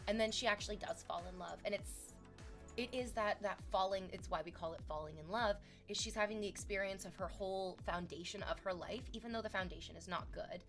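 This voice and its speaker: A woman's voice: mid-range voice, brisk, a bit bright, faint music behind. A young adult woman streaming, chatting casually and reflectively, candid and swearing freely. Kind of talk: casual chat.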